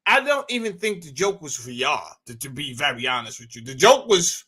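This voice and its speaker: A man's voice: on the high side, big pitch swings, normal speed, sharp tone, breathy edge. A man in his thirties hosting a casual chat, telling loose stories and bantering with his audience. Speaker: host.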